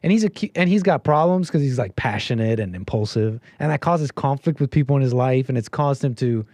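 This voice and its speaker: A man's voice: medium pitch, lively intonation, a little fast, a little mellow, no echo. Opinionated man ranting on a stream. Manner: opinionated, rambling, rhetorical questions. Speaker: livestream host. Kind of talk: casual commentary stream.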